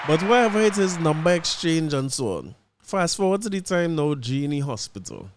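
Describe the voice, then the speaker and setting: A man with a Trinidadian accent hosting his podcast, telling a story in casual chat, animated and laughing as he acts out what people said. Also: a little high, brisk, noisy background. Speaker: podcast host.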